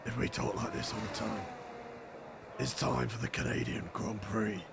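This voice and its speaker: A man voicing a gruff, aged-up middle-aged man in a low, strained, gravelly voice while streaming a game. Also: normal speed, background noise. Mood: mock-serious.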